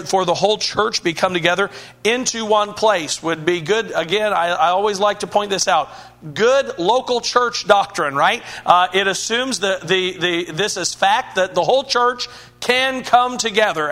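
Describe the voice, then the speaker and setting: A man's voice: high-pitched, bright, forceful tone. A man preaching a sermon as pastor, earnest, asking rhetorical questions and often restarting his sentences.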